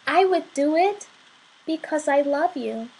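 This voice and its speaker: A kind, wise spirit companion from a storybook, voiced by a woman reading aloud, speaking slowly and tenderly. Its high voice stays reassuring and soft-edged. Each phrase is given room and care. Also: lively intonation, vocal fry, heavily acted, rough recording.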